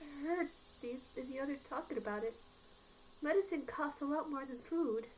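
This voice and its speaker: A woman voicing a frail, sickly boy who doubts himself, speaking quietly and hesitantly. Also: high voice, moderate pace, slight background noise, natural voice. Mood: sad, quiet.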